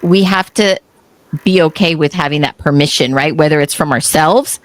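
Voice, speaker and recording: A middle-aged woman host from Texas tells stories in a relaxed, chatty way. She slips into the voices of the people she quotes. Her voice sits a little low and sounds close and dry. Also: moderate pace, dry recording. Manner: animated storyteller acting out quotes. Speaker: podcast host. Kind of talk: casual interview conversation.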